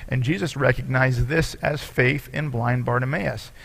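A man with a gravelly, creaky voice preaching to his congregation. He reads scripture aloud and explains it earnestly, as a pastor would. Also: mid-range voice, moderate pace, fairly bright tone. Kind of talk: sermon.

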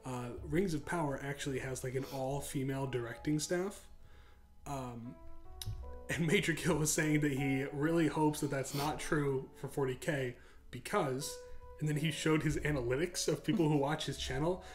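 A man's voice: fairly high pitch, moderate pace, faint music behind. Laid-back American man chatting casually. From United States. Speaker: podcast co-host. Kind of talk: casual chat.

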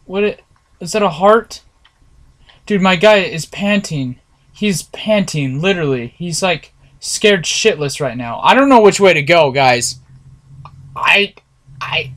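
A man's voice: sits high, a bit bright. A man giving nervous, jumpy commentary while playing a horror game, talking to his viewers and swearing often. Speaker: gameplay streamer.

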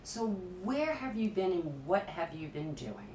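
A woman's voice: lowish voice, sing-song, measured pace, darkish tone, echoey room, distant mic, slight background noise, rough recording. A woman interviewer in a studio, asking questions in an encouraging, complimentary way. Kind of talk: candid interview.

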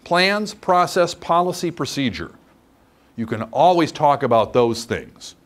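Guy lecturing a training class, pitch jumps around a lot, kinda high for a man, keeps going "okay?". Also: expressive, measured pace, fairly bright tone. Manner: chatty, demonstrative, asks "okay?" often. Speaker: instructor.

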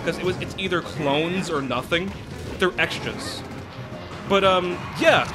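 A man's voice: high voice, a little slow. A young man hosting a gaming let's play, ranting with exasperation and tossing in "right?" again and again. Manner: animated, exasperated ranting with many "right?" asides. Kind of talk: ranting gameplay commentary. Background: game music.

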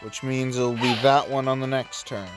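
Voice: mid-range voice, level tone, moderate pace, soft background music. A gamer giving casual commentary while playing a game. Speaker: let's play gamer.

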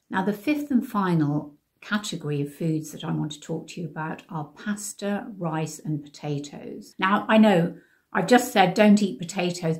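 A woman, sharing diet tips in a chatty, emphatic way as a lifestyle vlogger. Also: fairly low pitch. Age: 60s. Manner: warm, conversational, emphatic.

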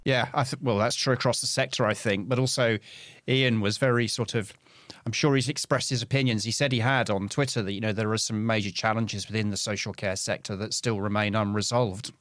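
Dry-sounding brisk podcast co-host man. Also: fairly low pitch, steady tone, a bit bright, no echo. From South Coast of England. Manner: brisk, keeps the talk on track. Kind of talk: casual podcast chat.

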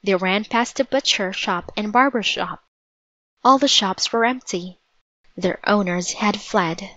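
A woman narrating a storybook in a measured, vivid read-aloud manner. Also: mid-range voice, a bit bright, dry recording, muffled recording.

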